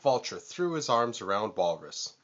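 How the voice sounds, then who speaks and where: A man reading a children's storybook aloud to his nephews in a gentle storytelling manner. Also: fairly low pitch, very animated, normal speed, highs cut off.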